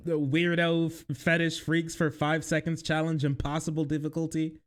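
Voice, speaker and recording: A young man streaming his reaction to news clips, mocking them loudly and crudely with bursts of laughter. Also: flat delivery, moderate pace, slight background noise. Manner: loud, mocking and crude, with frequent laughter and sudden high-pitched outbursts. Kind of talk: livestream reaction commentary.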